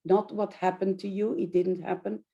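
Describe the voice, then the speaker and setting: A woman interviewing, asking gentle questions in a slow, measured way with fillers. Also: medium pitch, level tone, gravelly. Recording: dull lo-fi sound.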